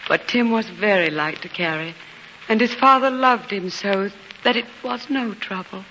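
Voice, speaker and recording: A grieving mother, voiced by a woman, speaks softly and tenderly in a 1940s radio play. Her voice is bright and clear. It comes through a dull, faintly hissing old broadcast. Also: mid-range voice, moderate pace, lightly acted. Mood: sorrowful. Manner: soft, gentle, sorrowful.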